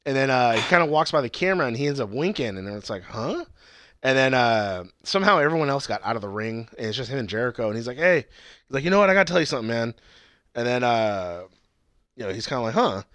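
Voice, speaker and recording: A young man in loose, casual conversation, swearing often and acting out what people said. His pitch moves a lot as he tells it. The sound is close and dry with no room around it. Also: fast, dry recording. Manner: profane, animated retelling with quoted voices. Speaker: podcast co-host. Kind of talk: casual chat recapping wrestling.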